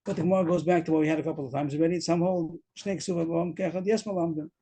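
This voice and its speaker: Man, husky, mellow tone, Talmud lesson over a video call. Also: fairly high pitch, steady tone, racing, low-quality recording. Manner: explains step by step, repeats words, mixes Aramaic terms. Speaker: Talmud teacher. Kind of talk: daf yomi Talmud lesson.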